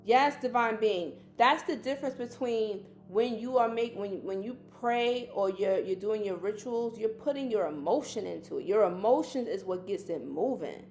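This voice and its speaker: A woman's voice: fairly high pitch, darkish tone. A woman teaching casually on a livestream, chatty and colloquial, who calls listeners baby. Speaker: spiritual teacher hosting a livestream.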